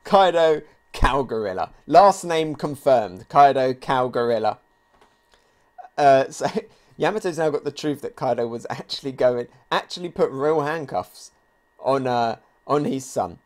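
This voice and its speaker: A man hosting a live comic reaction video, reading pages aloud and thinking out loud with excitement. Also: mid-range voice, a little slow. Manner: excitable, thinks aloud, reads quotes along. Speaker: manga reaction video host.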